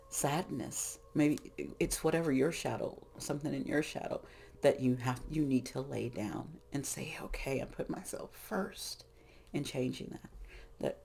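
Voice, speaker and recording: A woman's voice: sits low, measured pace, vocal fry, a little mellow. A middle-aged woman, a tarot reader, talking casually about spiritual growth in a rambling, frank way that often breaks off and restarts. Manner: rambling, frank, self-interrupting.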